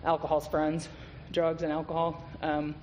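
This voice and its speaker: A man's voice: a little high, completely flat delivery, normal speed, a little mellow. A man giving a candid, profane recovery testimony as a guest speaker at a meeting, telling his story with laughs. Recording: reverberant hall with faint noise.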